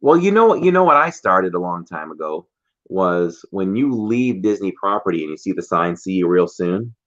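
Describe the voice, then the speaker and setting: A very animated man with a low, fairly bright voice co-hosts a casual livestream at a moderate pace. He trades teasing stories and laughs often, though the stream audio is dull and lo-fi.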